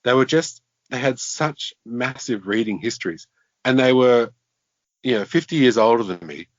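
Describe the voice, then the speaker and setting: A man's voice: mid-range voice, animated, normal speed, no echo. A man, a guest author chatting casually and self-deprecatingly, often restarting his sentences. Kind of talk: casual interview chat. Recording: dull lo-fi podcast audio.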